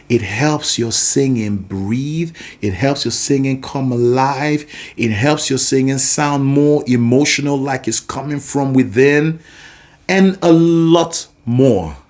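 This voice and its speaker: A man's voice: medium pitch, measured pace, darkish tone. A man teaching a singing lesson, explaining patiently and breaking into sung examples. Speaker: vocal coach.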